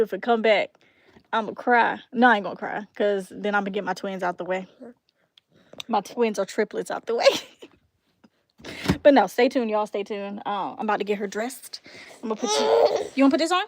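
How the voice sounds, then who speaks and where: A woman's voice: medium pitch, normal speed. A young woman chatting casually on her vlog, laughing often and trailing off with ums while she talks aside to her toddler. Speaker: beauty vlogger and mother.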